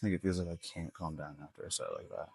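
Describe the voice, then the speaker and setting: Man, out of breath, husky low voice, dry close sound. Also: lively intonation, quick pace, a little mellow, no echo. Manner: winded, casual, slangy. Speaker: fitness vlogger.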